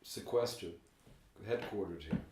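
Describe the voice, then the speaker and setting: Rambling low-voiced man host, roomy room. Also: a little slow, recorded from a distance, background noise. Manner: rambling, animated, trailing off. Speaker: podcast host. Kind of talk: casual podcast chat. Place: room in an old building. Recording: roomy, from off the mic.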